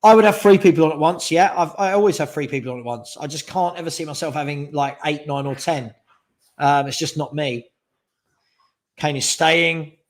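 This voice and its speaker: Speaking at normal speed in a fairly high voice, a man hosting a live fan channel stream chats casually. He takes viewer questions and gives strong opinions on them.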